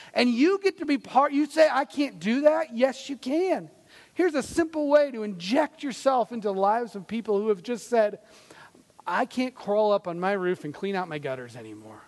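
A man's voice: extremely high pitch, in a large hall. A man preaching a sermon as pastor, earnest and conversational, with fillers and restarts.

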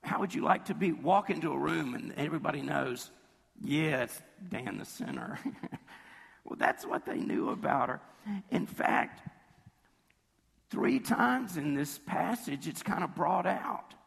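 Hoarse male pastor, husky, chatty storyteller, sermon in a big echoing hall. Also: lively intonation, measured pace, fairly bright tone. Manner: conversational storytelling, acts out quotes with jumps in pitch. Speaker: preacher.

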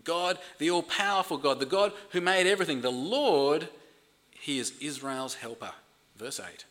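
A man's voice: on the high side, lively intonation, normal speed, a bit bright. A man preaching a sermon in an earnest way, often repeating words as he builds emphasis. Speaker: pastor.

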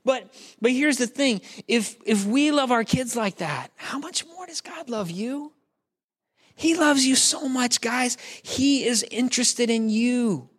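A man's voice: very high voice, a little slow, fairly bright tone, slightly rough. A man preaching a sermon in a conversational, joking way, talking straight to the congregation. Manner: acts out quoted voices. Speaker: pastor.

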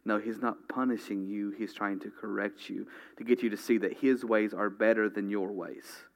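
A man's voice: fairly low pitch, fairly even intonation, normal speed, creaky. A man preaching a sermon, earnestly reading scripture and speaking straight to his congregation. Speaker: pastor.

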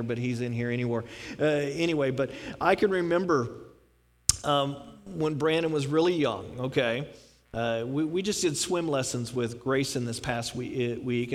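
A man preaching a conversational sermon as pastor, folksy and fond of rhetorical questions. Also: sits high. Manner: folksy, asks rhetorical questions, repeats punchlines. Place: church sanctuary. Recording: long reverb of a church hall.

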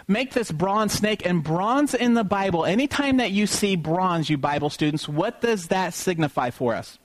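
A man preaching an Easter sermon, often asking the congregation questions and pausing for them to call back the answer. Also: high-pitched. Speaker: pastor.

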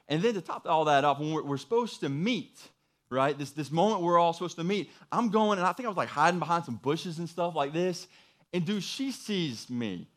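A man's voice: high voice, a bit bright. A young adult man preaching a sermon by telling a personal story in a casual way, full of asides and rhetorical questions. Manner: casual storytelling, lots of "dude" and "right?". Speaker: pastor.

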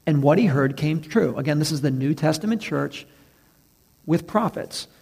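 Gravelly-voiced male preacher. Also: on the high side, expressive, a little mellow. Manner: preaching with emphatic slow stresses and acted-out quotes. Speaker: pastor. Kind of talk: sermon.

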